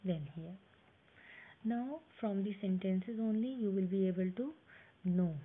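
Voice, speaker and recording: A woman with an Indian English accent teaching an English grammar lesson, explaining step by step and reading example sentences aloud slowly. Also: medium pitch. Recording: tinny phone-like audio with faint hiss.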